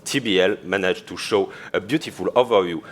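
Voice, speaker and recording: A man with a French accent giving a conference talk on stage, chatty and quick to laugh, with lots of fillers. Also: low-pitched, a little hiss or hum. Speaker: conference speaker.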